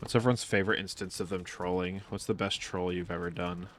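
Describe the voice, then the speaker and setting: A man's voice: deep voice, fairly even intonation, fast, soft background music. A man chatting casually and profanely while streaming a video game, rambling through stories and laughing often. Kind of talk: casual live-stream chat while playing.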